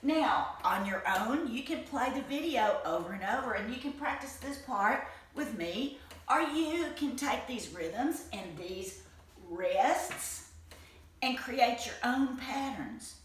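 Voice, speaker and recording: A woman's voice: fairly high pitch, expressive, takes it slowly. Encouraging woman teaching rhythms to children. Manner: encouraging, chanting rhythm syllables. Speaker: music teacher. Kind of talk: children's music lesson. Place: home room with tile floors. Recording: roomy far-off home recording, loud noise.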